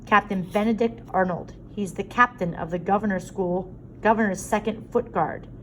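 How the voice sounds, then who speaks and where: A woman reading a story aloud, voicing an excited young male soldier in a raised, eager voice. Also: mid-range voice, moderate pace, a little hiss or hum, close to an everyday voice, poor audio. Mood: defensive.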